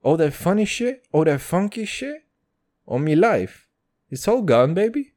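Slangy, rambling young podcast host. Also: male voice, high-pitched, sing-song, normal speed, darkish tone. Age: 20s. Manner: profane, rambling slangy banter. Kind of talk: casual podcast monologue.

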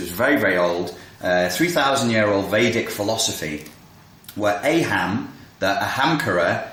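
A man with a somewhat low voice rattles through an explanation in a loose, chatty way. He gets carried away, stops himself mid-thought and starts again. The room around him gives his voice a noticeable echo. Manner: excitable, self-interrupting, jumps between tangents. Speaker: video creator explaining philosophy. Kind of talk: casual spoken explainer. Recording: roomy echo.

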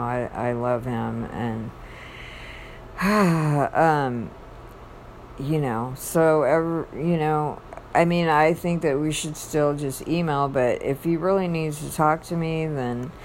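Woman, low-pitched voice, slow delivery, rambling halting faith talk. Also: slight background noise. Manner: rambling, halting, restarts mid-thought.

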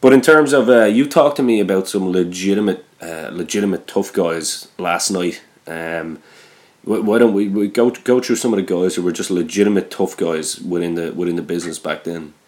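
A man hosting a podcast interview, asking relaxed, hesitant questions full of fillers. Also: deep voice, moderate pace. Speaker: podcast host. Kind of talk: casual interview.

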